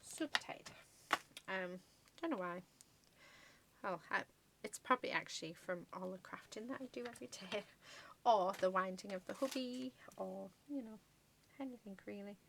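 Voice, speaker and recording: A woman's voice: mid-range voice, normal speed, vocal fry, a bit bright, a little hiss or hum. A woman chatting casually through a card-making tutorial, gushing over her work with many ums and murmured asides. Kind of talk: casual crafting tutorial chat.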